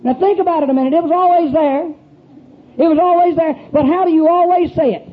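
A man's voice: very high-pitched, steady tone, brisk. A man preaching a sermon in a folksy, emphatic way, often putting questions to the congregation. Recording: tinny phone-like recording.

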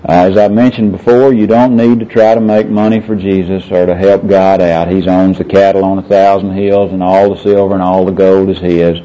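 A man's voice: low voice, flat delivery, fairly quick, hardly any pauses, mellow. A middle-aged man leading a Bible discussion, earnest and quoting scripture by chapter and verse. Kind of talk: Bible teaching talk. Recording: muffled lo-fi recording.

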